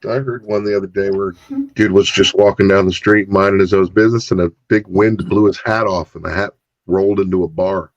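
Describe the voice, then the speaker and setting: A man co-hosting a live stream, telling a long joke in an animated, casual way. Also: low-pitched, a little fast, no echo. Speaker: stream co-host. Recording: dull dry lo-fi mic.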